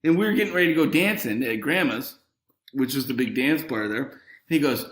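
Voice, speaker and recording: Podcast guest, male, animated storyteller who laughs through it; lively delivery, bright tone. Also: mid-range voice, brisk, echoey room. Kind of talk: casual storytelling.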